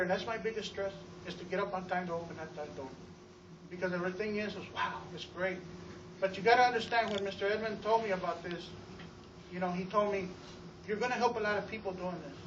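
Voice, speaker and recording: A man giving an energetic testimonial to a live audience about running his store, telling stories with acted-out quotes and often repeating words. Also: sits high, quick pace, a little hiss or hum. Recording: roomy, distant, dull sound.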